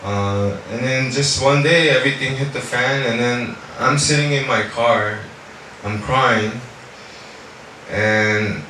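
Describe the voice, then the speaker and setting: A man's voice: mid-range voice, takes it slowly. A man giving a personal faith testimony, telling his story with lots of "you know" and now and then slipping into Korean. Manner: animated storytelling, heavy on fillers like "you know"; switches into Korean at times. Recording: echoey room, mic far off, faint noise.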